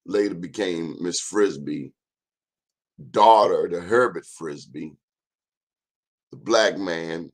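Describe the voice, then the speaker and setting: Emphatic low-voiced man in his fifties. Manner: emphatic and repetitive, urging listeners to look it up. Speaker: host. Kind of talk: informal history talk.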